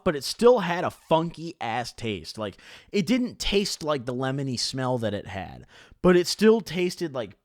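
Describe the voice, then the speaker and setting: Animated, foul-mouthed young man storyteller. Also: mid-range voice, dry recording, studio quality. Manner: animated, profane, rambling with many fillers. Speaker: vlogger telling a story. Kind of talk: casual storytelling to camera.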